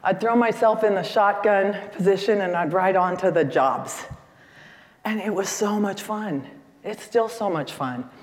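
A woman's voice: medium pitch, a little mellow. Enthusiastic woman speaking in a hall. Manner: enthusiastic, chatty, engages audience with questions. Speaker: seminar speaker. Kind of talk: live seminar talk with audience. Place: conference hall stage. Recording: echoey hall.

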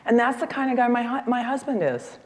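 A woman in her sixties giving a lively, chatty seminar talk and questioning the audience from the stage. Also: a little high, fairly quick. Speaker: seminar speaker. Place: conference hall stage. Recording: echoey hall.

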